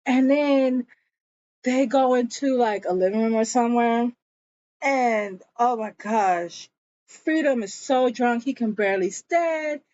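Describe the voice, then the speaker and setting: A woman's voice: a little high, slow, a little mellow, muffled recording. A woman casually recapping a TV episode, telling the story in a chatty way and slipping into the characters' quoted lines as she goes.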